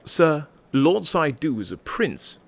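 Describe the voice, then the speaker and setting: A velvet-smooth English con man on the phone, as a man acts him out, courteous and formal to a fault. His voice sits fairly high and swoops through a wide, lively range as he butters up his mark. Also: takes it slowly, no echo, heavily acted. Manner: formal and unflappable. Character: smooth-talking polite English male phone scammer. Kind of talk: comedy sketch acting.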